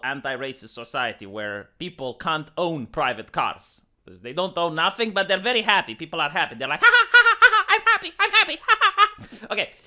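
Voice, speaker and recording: A man's voice: sits high, bright, forceful tone. A man from Romania with a Romanian accent, ranting through sarcastic political commentary in a mocking, exasperated way. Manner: mocking, exasperated rants with put-on voices. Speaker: commentary streamer.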